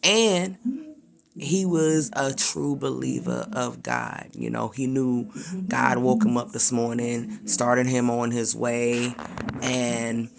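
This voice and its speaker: A man's voice: mid-range voice, level tone, slow pace, creaky, a crowd in the background. A man giving a casual, slangy talk of encouragement, full of conversational asides. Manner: slangy, conversational, repetitive fillers. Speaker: preacher.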